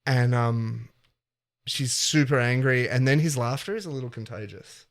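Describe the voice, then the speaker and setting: A man's voice: mid-range voice, normal speed. A man co-hosting a comedy podcast, improvising a story and acting out characters' lines with playful energy. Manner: animated, acts out characters' lines in quotes. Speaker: podcast co-host.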